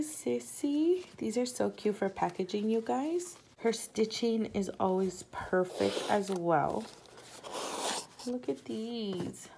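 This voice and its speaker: A woman with a mellow, slightly high voice chats unhurriedly as she unboxes crafty gifts. She gasps often and keeps addressing viewers as "you guys." There is faint noise behind her in a home craft room. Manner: gushing and excitable, often gasping. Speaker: crafting channel host. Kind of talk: casual unboxing chat.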